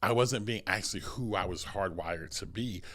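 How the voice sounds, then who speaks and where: An American man who is a pastor and podcast host, telling stories in an energetic, conversational way with many restarts. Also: lowish voice, moderate pace. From United States.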